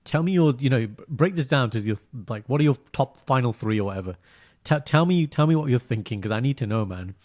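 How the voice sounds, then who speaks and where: A man co-hosting a podcast chats easily at a middling pitch. He tells stories with animated bursts. Between them he settles into quiet, low-key asides. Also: quick pace, hardly any pauses. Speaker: podcast co-host. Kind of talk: casual chat.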